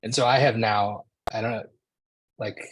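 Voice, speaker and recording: A man's voice: fairly low pitch, steady tone, normal speed, no room sound, low-quality recording. A man in his forties telling a personal story to an audience in a casual, conversational way, often saying "like" and "right?". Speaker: speaker.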